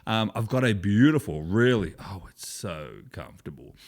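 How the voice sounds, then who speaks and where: A man's voice: fairly low pitch, lively intonation, normal speed, darkish tone. Chatty Australian man. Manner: chatty, rambling storyteller with many restarts. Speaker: podcast co-host. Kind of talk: casual chat.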